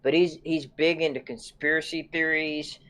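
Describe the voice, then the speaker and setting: A man's voice: a little high, fairly even intonation, moderate pace, a bit bright. A man co-hosting a gaming podcast in casual chat, laid-back and peppered with "dude" and "man". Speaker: podcast co-host.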